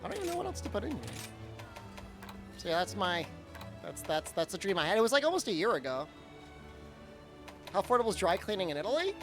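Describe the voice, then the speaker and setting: Animated rambling male streamer. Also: high voice, fast, long pauses, over music. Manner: rambling storyteller, frequent fillers and restarts. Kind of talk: casual chat during a live game stream.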